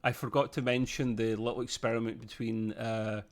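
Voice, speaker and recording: A man talks through an episode in a relaxed podcast chat. His voice sits at an ordinary middle pitch, and he rambles warmly between ums and laughs. He sounds like a fan recapping to a friend. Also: moderate pace. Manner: chatty, laughing, filler-heavy. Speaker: podcast co-host. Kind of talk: casual review chat.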